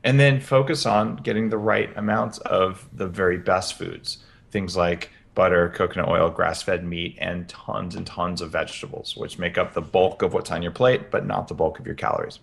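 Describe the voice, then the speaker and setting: A man as a podcast guest, explaining practical health advice in an energetic interview. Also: deep voice, normal speed, vocal fry. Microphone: headphones with podcast mic.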